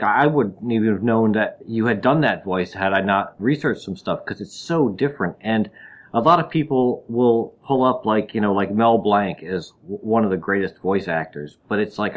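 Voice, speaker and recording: A male interviewer with a somewhat low voice. He talks casually and hesitantly, stumbling and restarting often.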